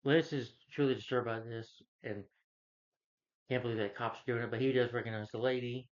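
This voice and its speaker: A man's voice: mid-range voice, steady tone, brisk. A man casually recapping TV episodes, rambling and retelling scenes with lots of filler phrases. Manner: rambling, retells dialogue with many "he's like" and "you know". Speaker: video creator recapping a TV season. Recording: slightly dull lo-fi recording.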